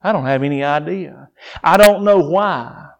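A man with a high-pitched voice preaches at a slow, deliberate pace. He drops into soft, low stretches, then climbs to raised, pleading peaks and hammers phrases through repetition. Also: creaky, dull audio. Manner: repeats phrases for emphasis. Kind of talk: sermon.

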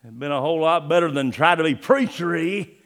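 A man preaching a sermon, swinging between loud emphatic lines and hushed ones, and reading scripture in old-fashioned wording. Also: on the high side, lively intonation, brisk. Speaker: pastor.

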